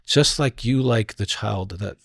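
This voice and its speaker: A middle-aged man speaks as a psychologist guest on a podcast, calm and sure of himself. His voice is low with a husky edge. The sound is dry and close. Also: measured pace, no room sound. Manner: calm, confident counselor explaining with plain examples. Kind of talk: interview chat.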